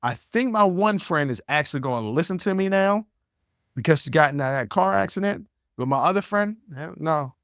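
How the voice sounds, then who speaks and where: A man's voice: on the high side, animated, normal speed, a bit bright, clear, resonant tone, no room sound. Blunt-talking man, dry close sound. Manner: blunt, repeats words while thinking. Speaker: podcast host. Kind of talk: casual storytelling monologue.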